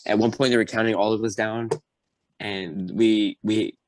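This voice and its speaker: A young man telling a story as a podcast guest, animated and acting out the voices of people in his story. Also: fairly low pitch, normal speed. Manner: animated, acts out quotes. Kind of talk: casual storytelling.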